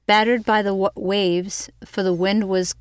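A woman co-hosting a Bible teaching show, reading scripture aloud with a steady, careful delivery. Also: mid-range voice, unhurried, clean tone, no echo. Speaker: co-host and scripture reader.

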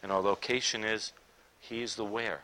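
A man preaching a sermon, swinging between loud emphatic declarations and quiet, intimate asides. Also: on the low side, steady tone, normal speed.

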